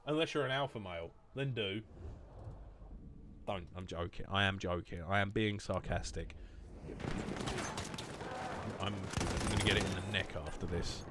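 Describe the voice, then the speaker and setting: A man's voice: sits low, normal speed, pauses often, background noise. A young man hosting a gaming channel, rambling through joking, sarcastic commentary and laughing often. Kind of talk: casual gameplay commentary. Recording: clear game gunfire behind voice.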